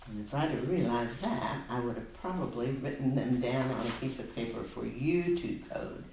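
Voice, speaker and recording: A woman with a very deep voice gives a patient one-on-one reading lesson, coaxing and slowing down to model words. She sits back from the microphone in an echoey room, and a faint hiss runs underneath. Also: animated. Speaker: tutor. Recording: echoey room, mic at a distance.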